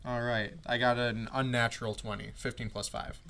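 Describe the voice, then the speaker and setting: A man's voice: medium pitch, level tone, moderate pace, sharp tone. Rambling man playing a tabletop game. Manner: rambling, hesitant recap with fillers. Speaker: player. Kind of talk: casual game chat.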